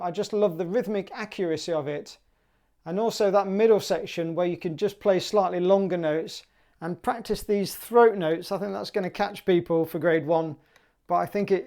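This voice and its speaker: A woman's voice: lowish voice, mellow. A woman teaching clarinet for a music exam, upbeat and chatty, singing rhythms aloud.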